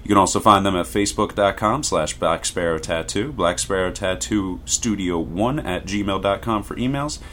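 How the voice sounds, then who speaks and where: A man reading a scripted ad in a booming pitchman delivery. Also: normal speed, few pauses, fairly bright tone, a little hiss or hum. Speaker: ad announcer. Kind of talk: scripted radio-style ad read.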